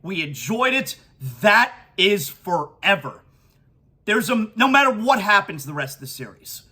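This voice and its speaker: A man hosting a sports podcast, talking emotionally and excitedly in a monologue with many stammered restarts. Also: high-pitched, a little slow, breathy edge. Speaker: podcast host.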